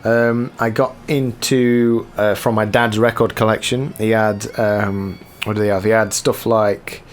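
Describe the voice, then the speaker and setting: A man who chats casually in a question-and-answer video, rambling in a relaxed way with frequent ums as he reads questions aloud and answers them. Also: fairly low pitch, measured pace, slight background noise. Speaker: guitar cover musician answering viewer questions. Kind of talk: casual Q&A chat.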